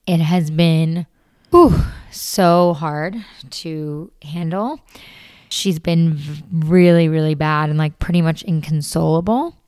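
An exhausted young woman vlogging about life as a new mom, talking in a loose, rambling way full of fillers and restarts. Her voice is on the lower side for a woman and comes through smooth and clear. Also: takes it slowly, a little mellow. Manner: rambling, filler-heavy, tired and candid. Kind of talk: casual confessional vlog.

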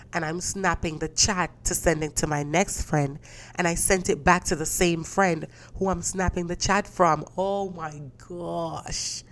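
Stuffy-voiced low woman podcaster. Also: slight background noise. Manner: animated storytelling, swearing, acting out dialogue. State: stuffy from a cold. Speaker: podcast host. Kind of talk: casual solo podcast chat.

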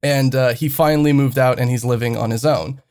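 Brisk and steady, the young man's mid-range voice is smooth and a touch mellow. Co-hosting a podcast, he rambles hesitantly through a story in casual chat, packed with fillers and broken by his own laughter.

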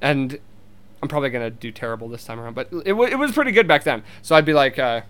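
A man's voice: medium pitch, lively intonation, fast, a bit bright. A young man talking casually and rambling, with frequent swearing and restarts. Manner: rambling, swears, many restarts, laughs easily. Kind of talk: casual monologue.

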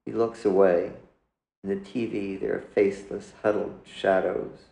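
A man, the author, reading his own literary story aloud in a measured, deliberate way. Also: sits low, flat delivery, vocal fry, warm tone, roomy sound, low-quality recording. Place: indoors.

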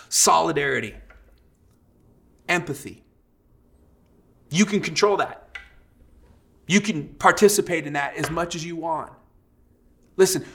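Bright, emotive young male pastor. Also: on the high side, creaky. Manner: conversational, emotive preaching with repetitions and asides. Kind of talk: sermon.

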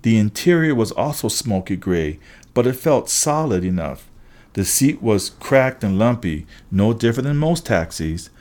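A man's voice: on the low side, very animated, normal speed, a little mellow. A man narrating a first-person story aloud, with occasional slips and restarts. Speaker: audiobook reader.

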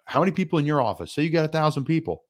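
A man's voice: fairly high pitch, big pitch swings, very fast. A man hosting a casual sports interview, earnest and reflective, asking a lot of rhetorical questions. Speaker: podcast host, former player.

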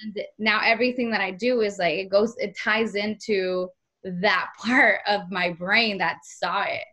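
A woman's voice: mid-range voice, fairly even intonation, measured pace, pushed and bright. A woman hosting a podcast, chatting casually and effusively, easily moved to emotion. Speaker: podcast host. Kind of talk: casual interview chat.

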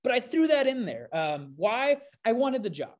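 A man hosting a podcast, telling a self-deprecating story in a casual, animated way with frequent fillers. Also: very high-pitched, normal speed. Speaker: podcast host.

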